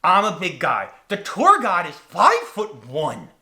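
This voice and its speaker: A young man hosting a podcast, telling a story in an animated, casual way and acting out his own reactions dramatically. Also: sits high, a little slow. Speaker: podcast host.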